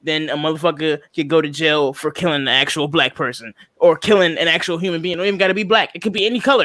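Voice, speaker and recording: A tipsy man hosts a podcast chat, ranting hard and swearing freely. His voice is bright and a bit high for a man, and the sound is dry and close. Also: a little fast, no echo. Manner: impassioned, profane, rambling rant. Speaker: podcast host.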